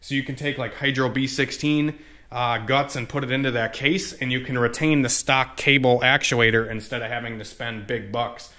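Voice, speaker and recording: A young man talks through wiring and transmission work in his home garage. His voice is bright and forceful, and his speech is loose and rambling, full of fillers and cursing. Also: medium pitch, steady tone, moderate pace. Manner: rambling, profane, many fillers. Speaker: car tuning vlogger. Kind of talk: casual garage walkthrough.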